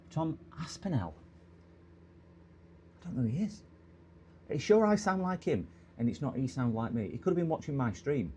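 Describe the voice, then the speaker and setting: A man's voice: mid-range voice, a little hiss or hum. A middle-aged English man hosting a repair livestream, chatting casually and joking with viewers, rambling between topics. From England. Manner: rambling, jokey, greets chat warmly with bursts of loud hellos.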